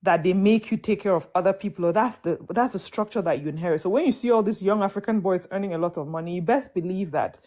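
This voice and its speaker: Lower-voiced woman on a panel, calm and thoughtful, making her point. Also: quick pace, hardly any pauses. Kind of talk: panel discussion.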